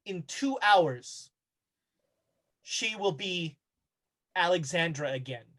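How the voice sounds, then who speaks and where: A game master voicing a cold, commanding undead queen who speaks slowly and with menace in a tabletop game. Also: expressive, fairly bright tone, heavily acted. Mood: menacing. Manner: slow, low, menacing.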